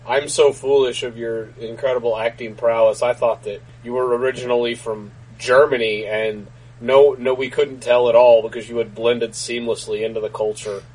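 A man's voice: medium pitch, flat delivery, moderate pace, a little mellow, slightly rough, poor audio. A man co-hosting a podcast, rambling through jokes with many fillers and frequent laughter. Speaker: podcast co-host. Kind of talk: casual comedic banter.

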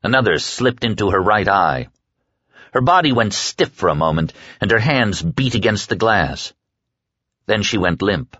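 Deep-voiced, dramatic male audiobook narrator. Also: a little slow, breathy edge, no echo, dull audio. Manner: dramatic, expressive storytelling. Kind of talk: scripted narration.

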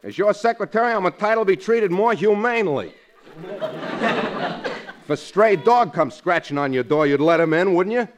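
A man's voice: sits high, lively intonation, moderate pace, long pauses. An actor playing a cocky, wisecracking male sidekick in a 1940s radio comedy. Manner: cocky, needling, jokey. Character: wisecracking brash male sidekick, a loafing secretary. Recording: old radio broadcast.

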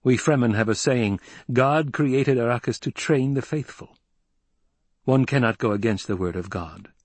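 A cold young ruler issues clipped, measured commands, as a male reader voices him. The tone is raised and firm over a slightly husky grain. Everything sits close and dry. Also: mid-range voice, no room sound, natural voice. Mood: commanding.

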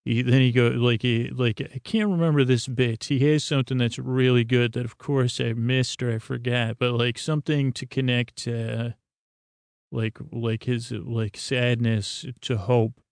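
A man's voice: mid-range voice, steady tone, a little slow, gravelly, no room sound, studio quality. A man narrating a tabletop game as game master, rambling with many fillers and restarts.

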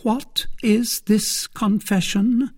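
A man voicing a scheming young noblewoman in an audiobook, with high, sharp, demanding questions. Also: slow pace. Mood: anxious. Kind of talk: audiobook character voice.

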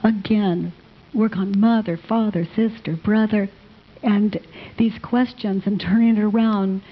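Husky woman teaching a live audience. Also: medium pitch, steady tone, measured pace. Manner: gentle, affectionate, calls people honey. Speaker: self-inquiry teacher. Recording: dull lo-fi sound.

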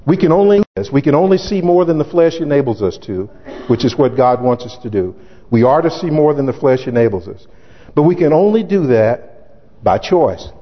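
A man preaching a sermon as pastor, emphatic and sometimes shouting, acting out scripture in character voices. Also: medium pitch, lively intonation, a little fast. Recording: dull lo-fi recording in echoey hall.

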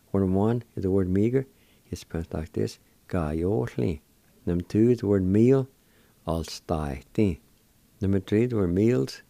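Low-voiced guy on a radio lesson, slow and careful, sounding out each syllable, dry close sound. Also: warm tone, no room sound. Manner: spells out and repeats words syllable by syllable. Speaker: radio host teaching words.

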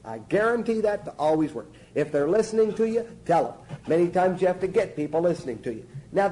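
High-voiced, mellow emphatic preacher man. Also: rough recording. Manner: emphatic, folksy, keeps asking "see?". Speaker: preacher teaching a church class. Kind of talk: spoken church teaching.

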